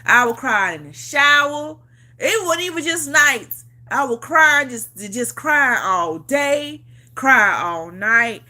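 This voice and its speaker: A woman's voice: high-pitched, lively intonation, takes it slowly, sharp tone. A woman vlogger telling a personal story in a casual chat. She talks emphatically, repeats herself, swears freely and laughs often. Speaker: vlogger on a livestream.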